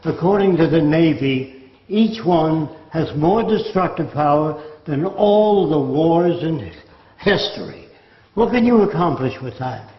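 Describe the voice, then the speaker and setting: A man's voice: a little high, animated, a little slow. An older man giving a lecture-style talk, sardonic and mocking as he mimics quotes. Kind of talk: lecture monologue. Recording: echoey room, dull lo-fi sound.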